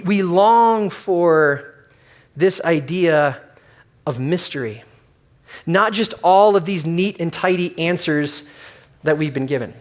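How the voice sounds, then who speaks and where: Male pastor, middle-aged, higher voice, casual animated sermon delivery. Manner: conversational, animated storytelling with acted quotes.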